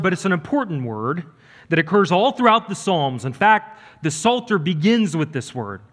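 A man's voice: fairly high pitch, fairly bright tone. Earnest male preacher in a reverberant hall. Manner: earnest, emphatic preaching with rising and falling delivery. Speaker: pastor. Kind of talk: sermon.

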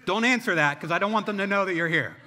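A man's voice: high-pitched, quick pace, bright, forceful tone. A man preaching a sermon as a pastor, impassioned, with rhythmic repetition. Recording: long hall reverb.

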